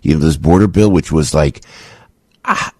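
A man hosting a talk radio show, delivering an opinionated rant that keeps repeating itself and suddenly leaps up into a high pitch. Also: normal speed, mellow, slightly rough, no room sound. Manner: ranting, repetitive, sudden jumps to a high pitch. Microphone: studio radio microphone.

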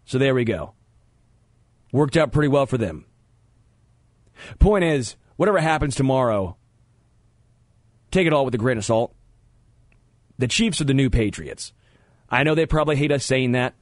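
Male sports talk host, animated and opinionated, average pitch, close dry studio mic. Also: normal speed, long pauses, no echo. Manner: animated, opinionated, stammers on restarts. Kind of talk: sports talk radio banter. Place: radio studio.

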